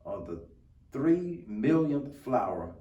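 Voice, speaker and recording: A man's voice: medium pitch, very animated, takes it slowly, dark tone, highs cut off. A man voicing a big, kind male elephant who speaks earnestly and pleads for his small friends. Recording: roomy, distant mic.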